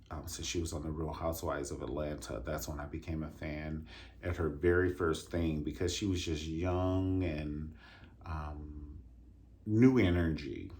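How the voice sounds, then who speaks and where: Casting: deep-voiced man, casual vlog chat, lively and talkative, faint noise behind. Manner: animated, chatty, vocalizes drum rhythms and says "honey". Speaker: vlogger reviewing a dance concert.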